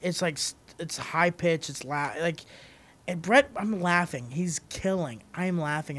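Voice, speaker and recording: A man who does stand-up, chatting casually and telling a story with lots of swearing and bursts of energy. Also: on the high side. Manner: animated storyteller, heavy swearing, quick shifts in loudness. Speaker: comedian. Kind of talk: casual chat.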